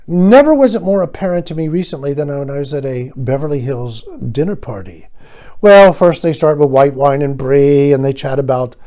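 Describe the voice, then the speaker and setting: An older man hosting his own show, telling a rambling, sardonic comic monologue that swings between loud bursts and quiet asides. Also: fairly high pitch. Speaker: host.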